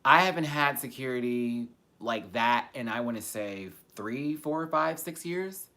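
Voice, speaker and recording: A man hosting a casual live-stream Q&A, talking candidly and swearing freely, with loud animated bursts that drop to soft, quiet asides. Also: medium pitch, a little slow. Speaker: YouTube host answering viewer questions.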